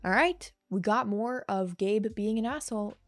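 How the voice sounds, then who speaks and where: A woman casually reviewing a TV episode in a chatty, sarcastic way, with animated asides. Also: mid-range voice, moderate pace, faint music behind. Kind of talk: casual video commentary.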